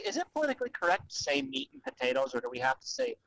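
A man's voice: high voice, wildly swooping pitch, very fast, creaky, bright, forceful tone, no echo, poor audio. A man co-hosting a podcast by cell phone, chatting casually, rambling and giggling with lots of fillers. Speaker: podcast co-host. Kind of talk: casual chat.

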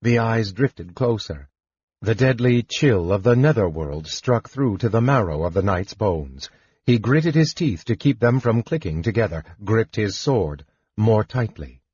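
A man narrates an audiobook in a slow, measured manner. His voice is low and husky. The dry recording sounds dull and lo-fi. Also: expressive, darkish tone, dry recording. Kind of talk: scripted narration.

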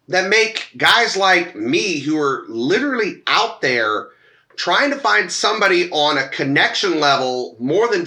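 Brash, bright-voiced man in an echoey room. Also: a little high. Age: adult, once married. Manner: brash, animated storyteller who acts out quotes. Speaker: podcast co-host. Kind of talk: casual podcast chat.

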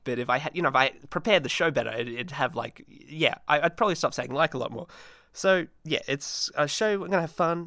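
A man hosting his own solo podcast, rambling in a manic, self-mocking way with many restarts and dark deadpan jokes. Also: fairly high pitch, no echo, studio quality. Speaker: podcast host.

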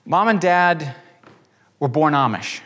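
A man who preaches, telling a lively testimony in conversation and acting out the quotes. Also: on the high side. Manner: animated, acts out quotes, quick bursts. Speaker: preacher and guest. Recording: reverberant room.

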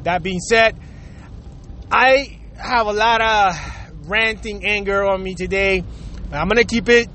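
High-voiced middle-aged man ranting. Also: a bit bright, a little hiss or hum. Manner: heated, swearing, rhetorical questions to the audience. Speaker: vlogger. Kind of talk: profane ranting monologue.

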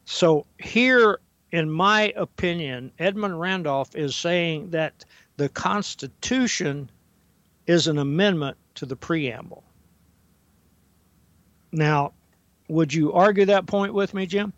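Older male guest, fairly high voice, measured and hesitant delivery, dull lo-fi sound. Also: a bit bright, no echo. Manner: deliberate, halting with frequent fillers; reads quotations slowly and carefully. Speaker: guest historian. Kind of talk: talk radio interview. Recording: dull, dry lo-fi audio.

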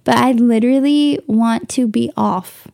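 A woman's voice: fairly high pitch, measured pace, vocal fry, dark tone, no echo, studio quality. A young woman hosting a casual solo podcast from home, gushing and emotional, tearing up at times. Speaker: podcast host. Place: bedroom at home, on the bed.

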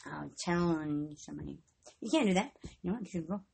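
A woman's voice: on the low side, lively intonation, fast, creaky, darkish tone, husky. A woman vlogger telling rambling, casual stories, swearing freely and breaking into frequent giggles.

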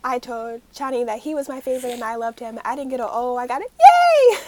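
A young adult woman co-hosting a casual chat, excitable and quick to chime in. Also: fairly high pitch, a little hiss or hum. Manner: excitable, chimes in, lively laughter. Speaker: podcast co-host.

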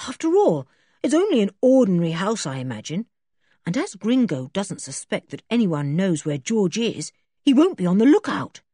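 Sensible boy in charge, decisive and lively, voiced by a woman. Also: mid-range voice, moderate pace, husky, dry recording, clean studio sound. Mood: earnest. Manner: firm, decisive. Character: firm sensible older boy leader.

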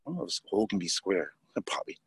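A man's voice: deep voice, sing-song, very fast, fairly bright tone, husky, no echo. A man, a teacher, telling blunt, profane, rambling stories in a casual interview.

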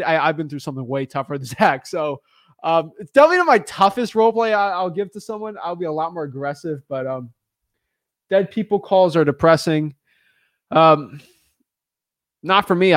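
A man's voice: fairly high pitch, brisk, dry recording, studio quality. A man hosting a live stream as a real estate coach, chatting casually with lots of fillers and restarts. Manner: energetic, rambling, many fillers and restarts.

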